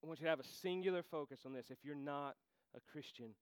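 A man preaching a sermon to a congregation, swinging from quiet, intimate talk to impassioned shouting. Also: on the high side, fast, clear, resonant tone, dry recording. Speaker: pastor.

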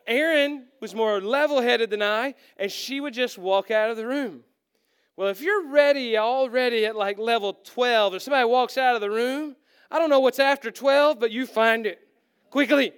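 Preaching at normal speed in a very high, smooth voice, a middle-aged pastor pokes fun at himself and acts out the quoted lines of his stories with lots of animation.

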